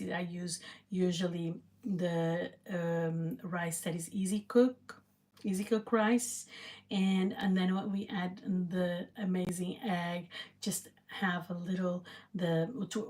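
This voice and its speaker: A woman with a Portuguese accent chatting excitedly and rambling as she cooks on camera. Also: lowish voice. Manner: excitable, rambling, with frequent restarts. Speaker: cooking vlogger. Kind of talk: casual cooking chat to camera.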